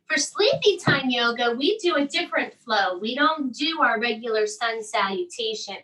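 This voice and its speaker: A woman in her thirties leading a children's bedtime yoga lesson at home, with soft, coaxing instructions. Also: on the high side, sing-song, moderate pace, far from the mic, rough recording. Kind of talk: gentle kids' yoga lesson and read-aloud.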